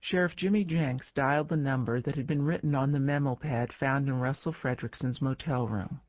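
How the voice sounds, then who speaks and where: A man reading a political thriller audiobook in steady narration. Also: mid-range voice, normal speed, dry recording, lo-fi sound.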